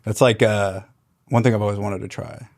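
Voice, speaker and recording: A man guesting on a podcast, a musician chiming in with relaxed short reactions. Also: lowish voice, normal speed. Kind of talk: casual podcast chat.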